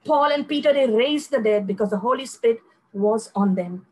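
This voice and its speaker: A woman's voice: a little high, normal speed, darkish tone, slightly rough, rough recording. An older woman, preaching a fervent testimony sermon and telling stories to her listeners. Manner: fervent, storytelling, addresses listeners as friends.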